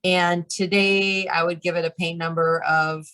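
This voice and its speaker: A woman's voice: on the low side, little pitch movement, unhurried, sharp tone. A woman in a channeling practice group, talking casually and explaining things step by step, with lots of fillers and frequent laughs. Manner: chatty, lots of "like" and "you know", laughs often.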